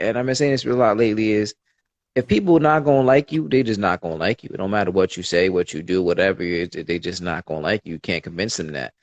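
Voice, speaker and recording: A man's voice: on the low side, no echo. A man talking as a podcast guest in casual conversation, sharing personal stories in an earnest, open way with many fillers.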